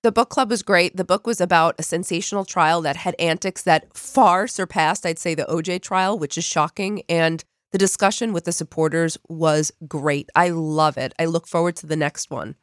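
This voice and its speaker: A woman's voice: fairly low pitch, moderate pace, few pauses, dry recording, studio quality. A woman co-hosting a true-crime podcast, chatty and bubbly, her voice nasal from a cold. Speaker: podcast co-host.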